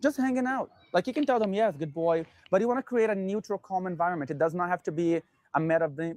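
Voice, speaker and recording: A man working as a dog trainer, calmly explaining his method and giving short commands to a dog. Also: on the high side. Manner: calm, instructive, gives short commands to a dog.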